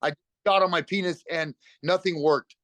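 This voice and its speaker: A middle-aged man telling a raw personal recovery story as a podcast guest, talking fast and bluntly with emotion and free swearing. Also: a little high, fairly even intonation, fairly bright tone, no echo.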